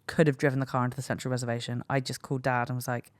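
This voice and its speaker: A woman's voice: very deep voice, level tone, racing, no room sound. A woman in her thirties, a podcast host and comedian, telling a story frankly and self-mockingly, rambling with restarts. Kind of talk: candid comic storytelling. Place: podcast studio.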